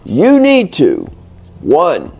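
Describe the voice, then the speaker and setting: He speaks very slowly in a high-leaning voice that is gravelly, husky and darkish, with pitch that swoops wildly. The American host teaches casual spoken English on his channel, teasing viewers and rambling through fillers and restarts, with faint music in the background.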